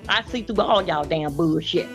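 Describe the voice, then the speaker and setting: A woman's voice: deep voice, normal speed, faint music behind. A woman in casual group-call chat, lecturing and ranting with plenty of profanity.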